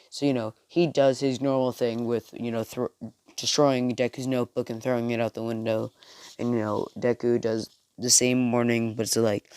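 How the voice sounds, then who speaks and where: A man's voice: medium pitch, level tone, normal speed, darkish tone, clean tone. A man telling a fan story casually, rambling with fillers and correcting himself.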